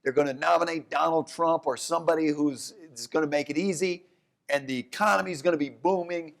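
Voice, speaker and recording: Animated man in a live onstage talk. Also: brisk, gravelly. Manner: animated storyteller, jumps to high voices for quotes; restarts and self-corrections. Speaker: economics professor, guest. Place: downtown event hall with live audience.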